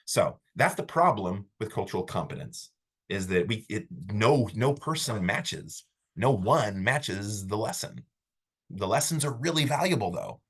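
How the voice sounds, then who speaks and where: A man teaching a college class, talking in an animated, storytelling way that often breaks off and restarts mid-sentence. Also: fairly low pitch, a little slow, breathy edge. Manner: animated, storytelling, self-interrupting. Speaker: college instructor. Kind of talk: classroom lecture.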